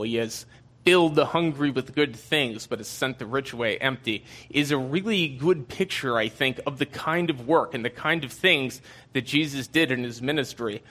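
Bright-voiced man teaching from the Bible. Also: a little high. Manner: conversational, with frequent fillers and asides.

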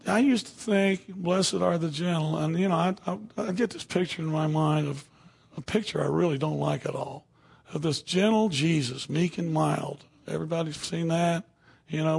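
Gravelly, husky-voiced man preaching. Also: fairly high pitch, moderate pace. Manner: conversational, rambling with frequent "okay?" and "you know". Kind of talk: sermon.

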